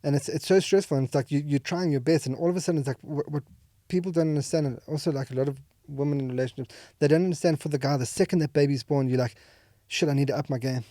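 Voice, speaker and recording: A man's voice: on the high side, very fast, warm tone, no room sound, clean studio sound. A man talking candidly as a podcast guest, rambling with many fillers and restarts. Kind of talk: candid emotional conversation. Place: podcast studio.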